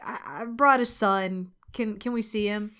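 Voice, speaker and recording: A woman's voice: medium pitch, measured pace, a bit bright, smooth, close to an everyday voice. A woman voicing a mother in a put-on accent that drifts between British and Scottish. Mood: pleading.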